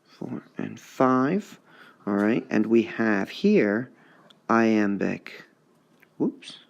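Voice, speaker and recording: Male English teacher, gravelly, unhurried, lively pitch; recorded class lesson. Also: muffled recording. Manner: sounds out syllables to mark the stresses. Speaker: high school English teacher.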